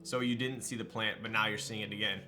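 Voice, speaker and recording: A young man from Southern California chatting casually with viewers on a live stream, relaxed and slangy, full of fillers like "um" and "like", with light music playing behind him. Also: lowish voice, fast. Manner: laid-back, slangy, with frequent fillers and laughs.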